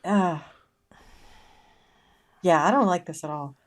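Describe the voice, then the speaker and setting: Woman player, low-ish voice, slow and halting, unsure in-character delivery. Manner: hesitant, halting, many ums. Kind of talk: in-character roleplay in a horror game.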